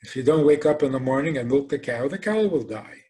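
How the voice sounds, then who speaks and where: A man speaks as a rabbi delivering a lecture. His pitch sits right in the middle. He tells his points as lively stories and leans on rhetorical questions. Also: fairly quick. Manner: animated storytelling, acts out quoted voices.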